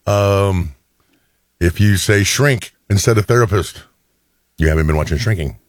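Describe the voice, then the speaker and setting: A man's voice: deep voice, a little slow, no room sound, studio quality. A middle-aged man hosting a radio show, chatting casually and telling little stories, often doing other people's voices. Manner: chatty storyteller, quotes people in changed voices. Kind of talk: casual on-air banter.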